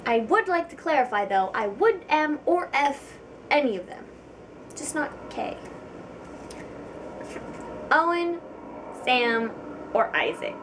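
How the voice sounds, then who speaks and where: Giggly young woman vlogger, slightly high. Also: recorded from a distance, background noise. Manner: chatty, giggly and self-deprecating, with frequent ums. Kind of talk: casual chat to camera.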